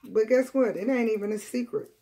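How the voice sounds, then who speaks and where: A woman's voice: on the high side, a little fast. Blunt, profane woman giving a tarot reading. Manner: blunt and profane, swinging between loud outbursts and quiet, emotional asides; repeats phrases for emphasis. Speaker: tarot reader. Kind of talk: tarot reading addressed to viewers.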